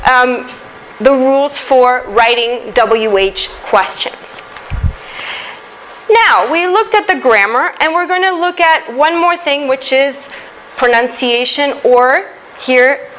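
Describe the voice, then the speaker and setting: A woman teaching an English grammar lesson, explaining step by step with a slow, deliberate delivery and occasional fillers. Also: high voice, animated, a bit bright, a little hiss or hum, rough recording.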